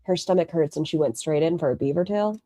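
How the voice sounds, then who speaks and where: A woman's voice: sits low, fast talker, dark tone, a little hiss or hum. A woman making snarky reaction commentary on a video, mocking it and swearing freely. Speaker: commentary streamer.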